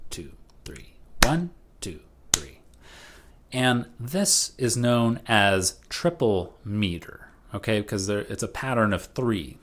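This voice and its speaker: A man teaching a recorded music lesson over slides, casual and patient, often checking in with "right?". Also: fairly low pitch.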